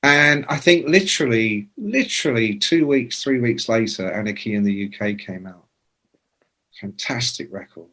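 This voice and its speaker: A man in his sixties, a rock journalist telling profane, lively anecdotes as a podcast guest. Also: mid-range voice, moderate pace. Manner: lively, profane, acts out quoted voices. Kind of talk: anecdotal storytelling in a podcast interview.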